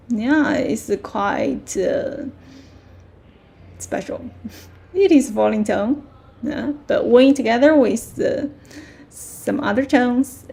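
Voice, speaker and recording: A woman with a Mandarin Chinese accent teaching a language lesson, patiently repeating words slowly with clear tones. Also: on the high side, mellow.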